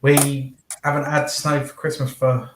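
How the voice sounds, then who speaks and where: A man from southeast England with a local accent that drops T sounds, chatting as a guest in a relaxed way. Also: mid-range voice, unhurried, reverberant, background noise. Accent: southeast English, drops T sounds. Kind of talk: casual chat.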